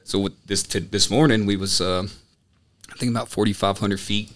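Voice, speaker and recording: A man chatting casually as a podcast guest and student pilot, telling stories in an animated way with lots of "you know" and "like" fillers. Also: on the low side, normal speed. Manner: animated storytelling, filler-heavy. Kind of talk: casual chat.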